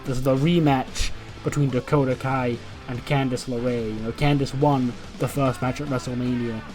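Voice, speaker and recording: A man hosting a let's play, narrating a simulated wrestling show in lively play-by-play with offhand asides. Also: medium pitch, moderate pace, faint music behind.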